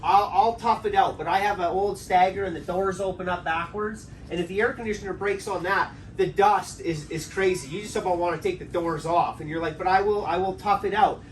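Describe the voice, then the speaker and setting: A man's voice: sits high, steady tone, a little fast, hardly any pauses. A man preaching an interactive sermon, talking casually with his congregation and often checking in with "right?". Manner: conversational, draws answers from the congregation, tags lines with "right?". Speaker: pastor. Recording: distant mic with faint background noise.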